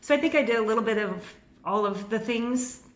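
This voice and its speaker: A woman in her fifties telling a personal story to camera in an excitable, rambling way, a little nervous, with restarts and bursts of laughter. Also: on the high side, a little fast. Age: 50s. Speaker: vlogger. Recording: echoey room.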